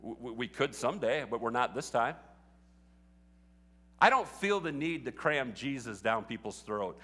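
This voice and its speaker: In a church sanctuary whose large hall gives a long reverb, a pastor preaches a sermon that starts out chatty and climbs to fervent exhortation. His mid-range voice has lively intonation and a sharp tone, and he speaks a little slowly.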